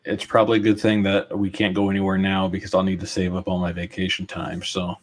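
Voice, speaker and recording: Relaxed joking co-host, lowish voice. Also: male voice, fast talker. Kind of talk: casual chat.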